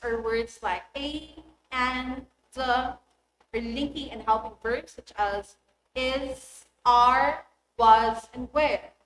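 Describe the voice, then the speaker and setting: A woman, a teacher giving a recorded English lesson in a clear, deliberate voice that stresses key words. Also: high voice, fairly bright tone. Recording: echoey room with faint noise.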